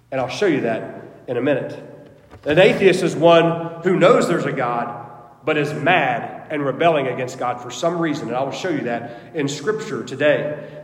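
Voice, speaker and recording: A male pastor preaching a sermon with an emphatic, repetitive cadence, hammering his points again and again. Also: a little high. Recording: echoey hall with long reverb.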